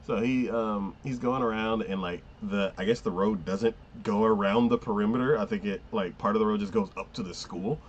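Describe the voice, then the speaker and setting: A man's voice: lowish voice, steady tone, moderate pace, few pauses, dull audio, a little hiss or hum. A man casually recapping an anime episode, rambling with many fillers, often laughing and acting out lines. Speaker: anime podcast host.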